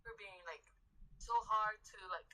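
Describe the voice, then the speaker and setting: Animated, foul-mouthed woman telling a story. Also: medium pitch, unhurried, poor audio. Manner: animated, profane, acts out heated quotes. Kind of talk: casual storytelling chat.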